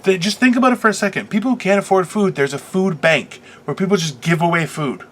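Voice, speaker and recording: Bright-toned rambling male podcast host. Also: high-pitched, fast talker, a little hiss or hum. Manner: rambling, filler-heavy storytelling; playful teasing banter. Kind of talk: casual comedic rant.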